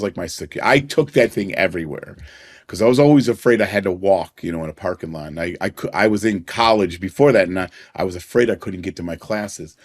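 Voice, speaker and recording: A middle-aged man, a podcast guest, telling personal stories in an earnest way and chuckling now and then. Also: sits low. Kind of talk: personal storytelling in a conversation.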